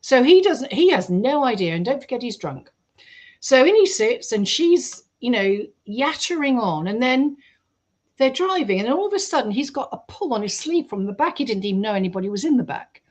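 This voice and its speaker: A woman, a guest on a radio show, telling a story in a lively way and acting out the quoted voices. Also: on the high side, normal speed. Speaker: guest researcher. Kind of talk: storytelling in an interview.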